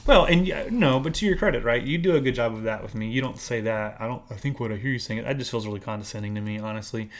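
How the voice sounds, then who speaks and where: A man's voice: mid-range voice, quick pace, hardly any pauses. A man co-hosting a podcast as a marriage counselor, talking earnestly and explaining things with frequent "right?" checks. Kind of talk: casual podcast chat.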